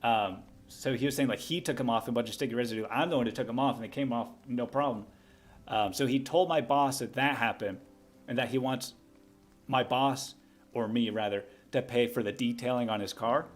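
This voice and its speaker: A young man hosting a livestream, telling a story in a loose, rambling way, doubling back and restarting his sentences often. His voice sits in an ordinary middle pitch, with a little music playing faintly underneath. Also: fairly quick. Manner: rambling, with many restarts and asides. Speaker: livestream host.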